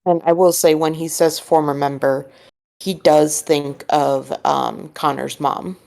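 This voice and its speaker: A woman narrating as game master of a tabletop game, describing things in a relaxed way. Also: low voice, a little slow, gravelly.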